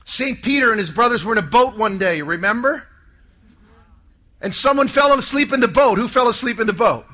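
Male preacher, very high and bright tone, emphatic sermon, call-and-response. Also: lively intonation, fairly quick.

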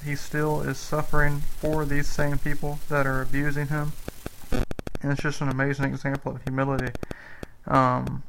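A man guides listeners through a spoken rosary meditation in a slow, earnest and reflective way. His voice stays very flat in pitch and carries a gravelly fry. He sits at an average pitch for a man. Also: slight background noise, poor audio. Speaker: preacher leading a rosary meditation.

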